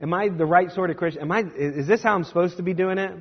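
A young man preaching a sermon as a pastor, conversational and self-deprecating, with quick asides. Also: sits high, husky, big-room sound, highs cut off.

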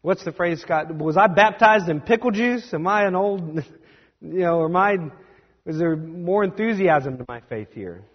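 A young man preaching a sermon as a pastor, conversational and self-deprecating, with quick asides. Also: high voice, lively intonation, big-room sound, muffled recording.

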